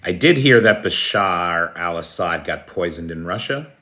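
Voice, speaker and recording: Bright-voiced American man hosting a livestream. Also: sits low, lively intonation, unhurried. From United States. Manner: chatty, talks directly to viewers by name, clears throat often. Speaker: livestream news host. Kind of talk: casual live chat reading viewer comments.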